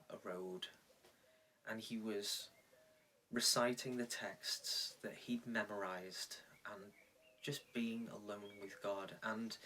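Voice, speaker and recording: A man preaching a reflective sermon, telling a story with measured pauses. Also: fairly low pitch, a bit bright, distant mic, a little hiss or hum. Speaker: pastor. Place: indoors, recorded for online church.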